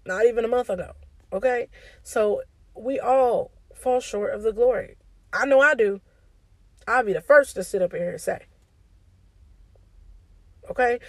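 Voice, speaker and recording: A woman's voice: on the high side, normal speed, long pauses, darkish tone, no echo, low-quality recording. A woman giving an informal devotional talk to her online community, often asking "okay?" and speaking in a casual, preachy way. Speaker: faith speaker.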